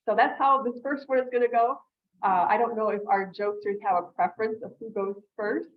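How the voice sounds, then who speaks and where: A woman's voice: fairly high pitch, steady tone, a little fast, narrow, tinny audio, slight background noise. A woman club president hosting a meeting on a video call, upbeat and explanatory with fillers. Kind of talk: meeting announcements.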